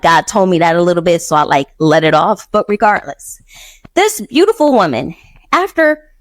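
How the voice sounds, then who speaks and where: A woman hosting a podcast, telling a personal story in a casual, animated way, acting out quotes and laughing often. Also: lowish voice, no room sound. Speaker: podcast host.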